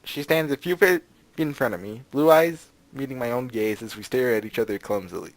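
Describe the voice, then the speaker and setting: Hosting a let's play, a man with a medium-pitched, brisk voice reads a visual novel aloud, breaking off between lines for sarcastic, jokey asides. There's no room sound.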